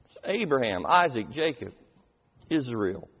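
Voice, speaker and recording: A man preaching a sermon, reading scripture with strong emphasis and slowing down on key lines. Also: mid-range voice, big pitch swings, a bit bright, husky. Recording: reverberant hall.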